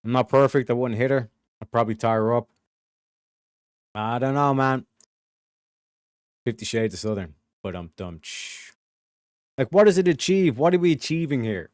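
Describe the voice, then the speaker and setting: A man's voice: medium pitch, expressive, normal speed, long pauses, darkish tone, no echo, clean studio sound. Blunt, profane man ranting dryly. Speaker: show host. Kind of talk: casual commentary rant.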